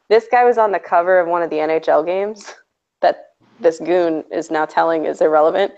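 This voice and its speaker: A woman hosts a stream, chatting casually with a sarcastic edge and laughing often. Her voice sits fairly low and has a gravelly, fry-heavy texture. The recording sounds dull and lo-fi. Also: brisk, a little mellow. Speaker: stream host. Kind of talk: casual chat. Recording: dull lo-fi audio.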